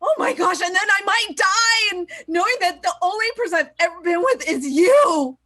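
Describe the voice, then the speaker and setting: A woman improvising a restless young girlfriend, blunt and exasperated. Her voice is very high and bright with a sharp edge. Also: lively intonation, moderate pace, full character voice. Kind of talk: improv scene. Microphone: video call.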